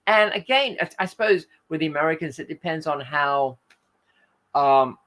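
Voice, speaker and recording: A man's voice: fairly high pitch, expressive, moderate pace, pushed and bright. An Australian man hosting a casual livestream, reading viewer comments aloud and rambling in friendly chat.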